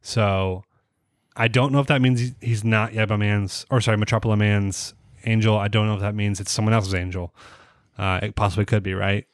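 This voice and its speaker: On a clean, dry studio recording, a podcast co-host with a lowish, level voice talks briskly about anime. His casual review chat rambles, full of fillers and false starts.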